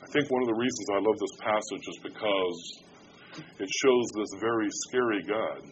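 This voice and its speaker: A man with a fairly low voice preaches a sermon, talking with his congregation like in conversation. He swings from hushed, slow lines to loud ones, and it comes through a dull, lo-fi recording with a faint hiss behind it. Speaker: pastor.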